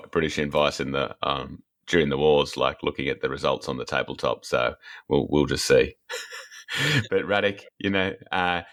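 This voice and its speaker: A man's voice: low-pitched, a bit bright. A man hosting a podcast interview, rambling and jokey. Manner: rambling, jokey, many fillers. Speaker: podcast host. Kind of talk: casual interview chat.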